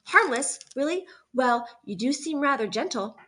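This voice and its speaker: A woman's voice: high-pitched, expressive, moderate pace, fairly bright tone. A woman reading aloud, voicing a chatty, dramatic female opossum in a storybook. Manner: gushing, theatrical.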